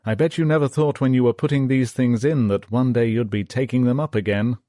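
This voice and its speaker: A man's voice: medium pitch, fairly even intonation, a little fast, dark tone, no room sound, clean studio sound, pitched above the performer's own voice, close to an everyday voice. A man voicing a wry young soldier who jokes and confides, in an audiobook reading. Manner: joking, confiding.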